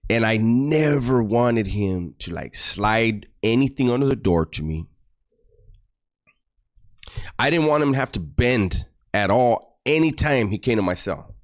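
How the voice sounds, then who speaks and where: A man telling profane, animated stories about prison to his online audience. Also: mid-range voice, normal speed, hardly any pauses. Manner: animated, profane, mock-disgusted storytelling. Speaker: YouTuber recounting prison stories. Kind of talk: casual storytelling to a livestream audience.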